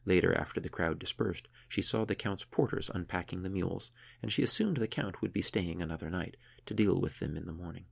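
A man narrating an audiobook chapter in a measured, steady way. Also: low voice, creaky, slightly rough.

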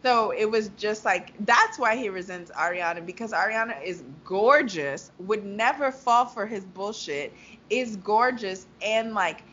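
A woman's voice: medium pitch, expressive, a little slow, a bit bright, highs cut off, a little hiss or hum. A woman co-hosting a casual reality-TV recap chat, emphatic and swearing freely.

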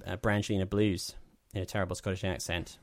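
A man's voice: low-pitched, level tone, fast. A man hosting a film podcast, chatting casually with dry, self-deprecating humor. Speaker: podcast host. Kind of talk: casual chat.

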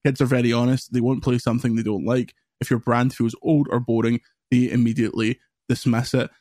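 A man hosting a gaming podcast, rambling casually between news items and throwing in quick jokes. His voice sits at an ordinary middle pitch. The recording is close and dry, with no room sound. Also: flat delivery, a little mellow, no echo. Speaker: podcast host.

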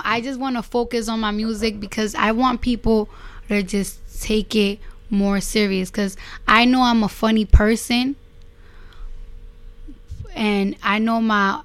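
Brash Bronx woman, fairly high voice. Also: takes it slowly, smooth. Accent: Bronx New York. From New York. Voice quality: blunt and profane, animated storytelling. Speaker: guest rapper. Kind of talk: casual interview chat.

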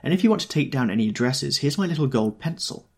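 A man voicing a charming, breezy young society woman in a high, airy lilt. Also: lively intonation, fast talker, breathy edge.

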